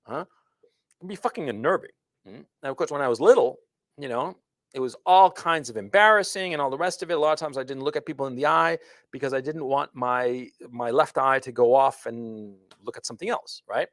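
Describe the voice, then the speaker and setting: A man's voice: a little high, fairly bright tone, dry recording, clean studio sound. A middle-aged man streaming a casual monologue, lecturing emphatically with lots of swearing and repeated "see?" and "okay?". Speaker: streamer commenting on another show.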